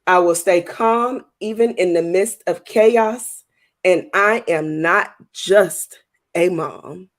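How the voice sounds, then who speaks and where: A woman's voice: fairly low pitch, takes it slowly. A woman co-hosting a podcast in casual chat, laughing often and adding playful asides. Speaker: podcast co-host.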